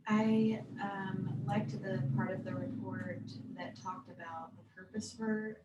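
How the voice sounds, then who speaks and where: A woman asking an earnest question, hesitant and halting with frequent fillers. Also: medium pitch, steady tone, dull audio. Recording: echoey room, mic at a distance, faint noise.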